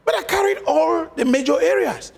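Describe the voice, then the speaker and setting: Middle-aged man from Cameroon, high-pitched, emphatic interview guest who hammers points with rhetorical questions. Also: moderate pace, gravelly. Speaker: political guest. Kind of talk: interview answers.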